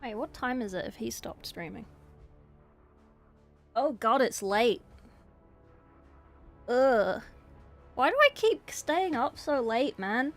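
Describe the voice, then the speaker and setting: A woman's voice: fairly high pitch, sing-song, slow, long pauses, soft background music. A woman with a slight New Zealand tinge, chatting casually with stream viewers while painting miniatures, joking and self-mocking. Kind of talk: casual live-stream chat answering viewers. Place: dark room at home at night.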